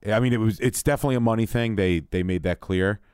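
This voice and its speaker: A man's voice: fairly low pitch, fast, darkish tone, smooth, no room sound, clean studio sound. A man who produces and co-hosts a casual talk show, joking and firing back playfully. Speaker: producer and co-host. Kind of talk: casual sports and wrestling chat.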